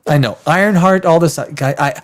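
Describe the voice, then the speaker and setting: A man's voice: on the high side, brisk, natural voice. A man putting on a mock-contrite film studio boss who gives a rambling, profane apology speech. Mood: mock apologetic.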